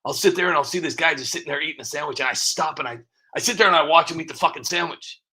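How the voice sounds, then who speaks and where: A man's voice: fairly high pitch, racing, pushed and bright, slightly rough. A man hosting a live stream who rambles in a casual, sarcastic, self-mocking way between clips. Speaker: streamer host.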